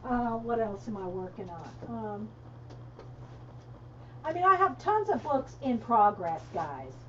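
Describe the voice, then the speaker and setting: A chatty woman with a lilt, talking casually and laughing easily as she answers viewers. Her voice sits a bit high. The stream audio is dull and lo-fi. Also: sing-song, a little slow, fairly bright tone, slight background noise. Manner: chatty, laughing, reads chat aloud. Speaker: coloring livestream host. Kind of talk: casual livestream chat.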